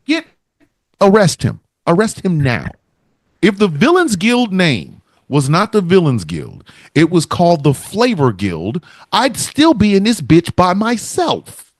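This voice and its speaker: A man hosting a casual comedy podcast, profane and animated, often acting out quotes in other voices. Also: high voice, unhurried, no echo, clean studio sound. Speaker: podcast host.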